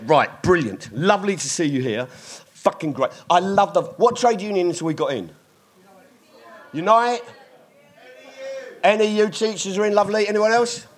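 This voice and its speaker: A man doing stand-up at a live club gig, swearing often, shouting out to the crowd and riffing with hecklers. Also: sits high, animated, moderate pace, long pauses. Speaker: stand-up comedian. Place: live music club with audience.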